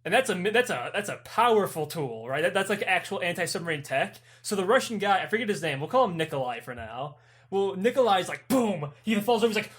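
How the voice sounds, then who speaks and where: High-voiced young man telling profane stories. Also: fairly quick. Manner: profane, animated storytelling with voiced characters. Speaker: podcast co-host. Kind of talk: casual chat.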